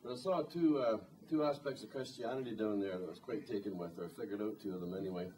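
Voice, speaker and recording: Man, singer-songwriter, wry rambling stage banter, mellow voice, distant live recording. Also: lowish voice, fast talker, slight background noise. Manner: rambling, wry, dry humor. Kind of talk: storytelling song introduction at a concert. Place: live concert venue. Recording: distant live concert recording, faint guitar.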